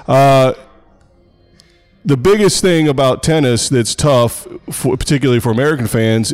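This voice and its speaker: A man's voice: medium pitch, darkish tone. A man hosting a podcast, a college tennis coach from the Pittsburgh area, asking rambling questions with jokes. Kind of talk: casual podcast chat.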